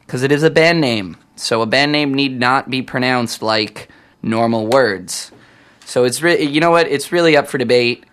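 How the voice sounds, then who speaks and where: A man's voice: medium pitch, normal speed, a bit bright, smooth. Rambling young male radio DJ. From Canada. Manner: chatty, self-correcting, wanders off topic. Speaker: campus radio DJ. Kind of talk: rambling casual on-air chat.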